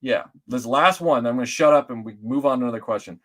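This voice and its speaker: Here a middle-aged Atlanta guest spins stories during a casual chat, animated and meandering, with frequent restarts and filler words. His voice is mid-range and quick.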